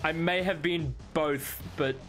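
A man casually chatting with friends while playing a co-op zombie game, excitable and jokey, yelping when things go wrong. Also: takes it slowly, soft background music. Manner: excitable, yelps high when in danger; laughs often, jokey. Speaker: gamer streaming co-op with friends. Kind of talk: casual gaming chat.

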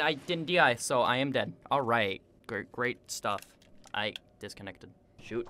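A man giving casual gameplay commentary, excitable and self-mocking, quick to vent his frustration. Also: mid-range voice, a little hiss or hum. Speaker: gaming video creator.

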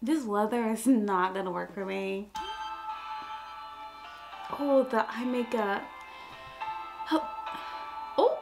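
A flustered young woman reacts aloud on camera, her voice sitting a little high and her delivery slow and drawn out. Her exclamations tumble over each other as she keeps talking to herself, with faint music playing underneath. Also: animated. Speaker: reaction video host. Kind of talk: casual reaction commentary.

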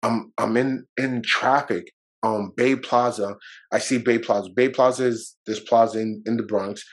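A man's voice: mid-range voice, fairly even intonation, normal speed, rough recording. A man guest on a podcast, telling a personal story in a loose, rambling way, with fillers and swearing, emotional and at times near tears.

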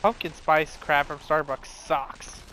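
A man's voice: a little high, fairly even intonation, takes it slowly, pushed and bright, a little hiss or hum, low-quality recording. A man teasing his friends casually while they play a game together. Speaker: gamer. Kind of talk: casual gaming chat with friends.

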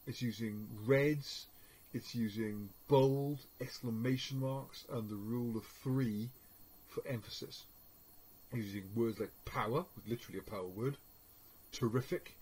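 A man's voice: mid-range voice, darkish tone, slightly rough, poor audio. A man giving an informal media studies lesson, hesitating often with fillers. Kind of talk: recorded lecture.

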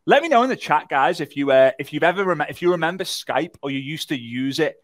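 A workshop presenter runs a live online workshop, telling a story in an animated, joking way and talking with viewers in the chat. His voice is a little high for a man, brisk, and recorded dry and close on the mic.

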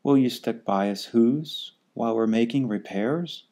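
A man's voice: medium pitch, measured pace, warm tone, lightly acted. A man voicing the tiny, fretful male mayor of a town on a speck, speaking in a polite, anxious way.

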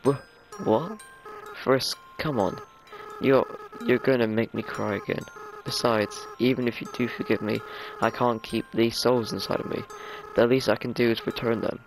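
A gentle young goat monster prince from a video game, as a man reads his lines aloud. He speaks softly and haltingly, choked up, at an ordinary middle pitch. Game music plays clearly behind him. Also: close to an everyday voice, rough recording. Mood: solemn. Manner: soft, halting, choked-up delivery. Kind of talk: voicing game dialogue aloud.

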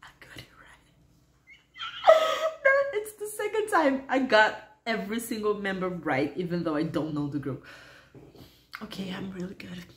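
A woman's voice: mid-range voice, expressive, fairly quick, few pauses, reverberant. A woman hosting a reaction video, talking casually and unsure of herself, muttering guesses and often laughing.

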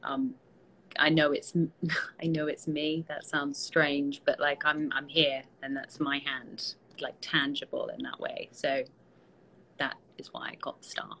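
A tired British woman, an actress, chatting casually with fans on a live stream, relaxed and self-deprecating, with many fillers, speaking into a phone held at arm's length. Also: low voice, a little slow, a little hiss or hum, low-quality recording. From Britain. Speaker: actress hosting a fan Q&A.

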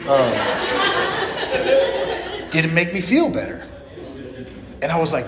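A man's voice: a little high, very animated, takes it slowly, long pauses, a crowd in the background. A man giving a personal share at a recovery meeting, blunt and profane, full of street slang. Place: meeting room. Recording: echoey meeting room.

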